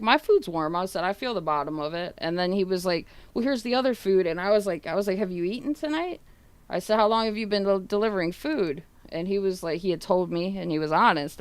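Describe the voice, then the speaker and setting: Woman streamer, low smooth voice, casual rambling storyteller, dry close sound. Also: no room sound. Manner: rambling, full of fillers and casual swearing; retells others' words in quoted dialogue.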